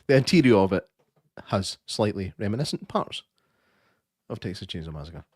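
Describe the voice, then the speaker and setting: A man's voice: fairly low pitch, very animated, moderate pace, a little mellow, breathy edge, no echo, clean studio sound. A Scottish man co-hosting a podcast, telling sweary anecdotes in casual chat and laughing hard. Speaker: podcast co-host.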